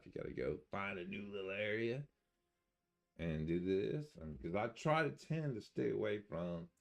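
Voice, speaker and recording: A man's voice: on the low side, gravelly, a little mellow. An older man streaming a video game, chatting casually in a rambling, folksy way and chuckling to himself. He mentions having an accent. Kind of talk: casual live-stream chat.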